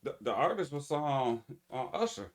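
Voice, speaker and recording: A man listening along in a casual reaction video, mostly answering with short replies and quick questions. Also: medium pitch, big pitch swings. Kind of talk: casual chat.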